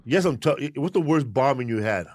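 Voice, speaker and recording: A man's voice: medium pitch, moderate pace, dry recording, studio quality. A man hosting a podcast, chatting casually and chiming in with reactions. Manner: relaxed, swears casually, chimes in with reactions. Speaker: podcast host.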